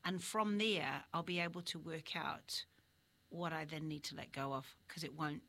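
Reflective woman with a lowish voice. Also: fairly even intonation, moderate pace, fairly bright tone. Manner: reflective, thinks aloud with restarts. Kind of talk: casual faith conversation.

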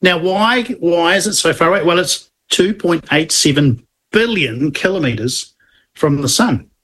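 A man's voice: a little high, animated, a little slow, a bit bright. A man, co-hosting a casual science chat, explaining at length with restarts and asides. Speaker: podcast co-host explaining astronomy.

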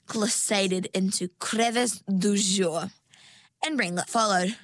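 Storybook reader: a woman, unhurried and measured, in a dry, close sound. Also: mid-range voice, no room sound. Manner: calm, measured reading. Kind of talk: storybook narration.

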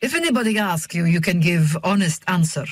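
A woman's voice: fairly low pitch, animated, fairly quick, no echo, clean studio sound. A woman voicing a terse, guarded drifter man. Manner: sing-song English, blunt and formal. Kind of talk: audiobook reading.

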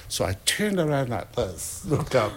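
Brief: older New man, lively anecdotal guest, laughs a lot, mid-range voice. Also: medium pitch, measured pace, a little hiss or hum. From North Island of New Zealand. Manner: animated, laughs often, acts out quotes. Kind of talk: anecdotal storytelling.

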